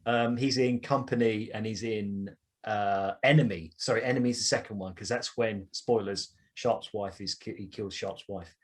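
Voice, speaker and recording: A man with an Essex accent hosting a podcast, talking in an excitable, rambling way with many restarts. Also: fairly low pitch, moderate pace, breathy edge. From Essex, England. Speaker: podcast host. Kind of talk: casual podcast chat.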